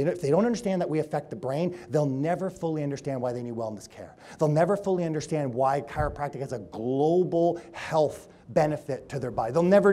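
Animated man lecturing a seminar crowd. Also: a little high. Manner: animated storytelling, acting out quoted people, swinging between loud and hushed. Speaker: chiropractor speaking at a seminar. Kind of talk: energetic seminar talk to a live audience. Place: room with an audience.

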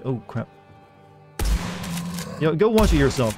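A man's voice: mid-range voice, animated, normal speed, long pauses, over music. Male streamer, casual rambling talk, mid-range voice, reads game notes aloud.

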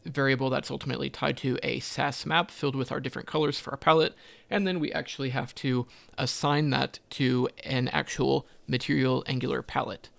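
A man's voice: medium pitch, fairly even intonation, fairly quick, gravelly, a bit bright. A man teaching a coding tutorial, thinking aloud as he types, with frequent ums and self-corrections. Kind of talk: screen-recorded coding walkthrough.

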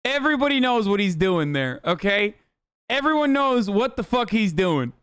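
Young male streamer, higher voice, smooth and dry, heated profane reaction commentary. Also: very animated, normal speed, a bit bright, dry recording. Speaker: streamer reacting to a political rally.

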